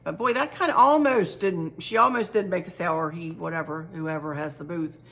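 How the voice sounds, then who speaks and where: A woman's voice: lowish voice, a little fast, gravelly, a bit bright. A middle-aged woman chatting casually to camera about a shopping haul, chatty and gushing, often repeating herself. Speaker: home decor vlogger.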